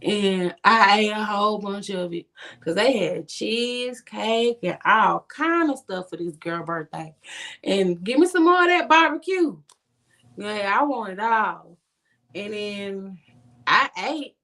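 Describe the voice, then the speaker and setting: A woman guest on a podcast telling a story casually, animated and acting out what her friends said. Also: takes it slowly. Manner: animated, swings pitch to act out friends' lines.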